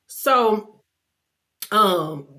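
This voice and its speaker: A woman giving a casual, animated, gossipy episode recap. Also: mid-range voice, drawn-out words. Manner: animated, gossipy storytelling, acts out quotes. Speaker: vlogger.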